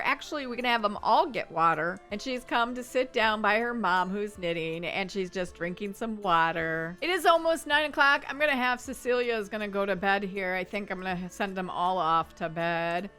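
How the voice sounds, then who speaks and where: A woman's voice: medium pitch, bright, forceful tone. A woman hosting a gaming channel, giving chatty let's-play commentary and narrating every move.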